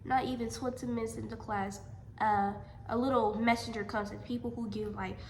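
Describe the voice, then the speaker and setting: A young adult woman telling a personal story in a storytime vlog, animated and emphatic, often repeating her lines. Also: medium pitch, fast, a little hiss or hum. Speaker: vlogger. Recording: echoey room.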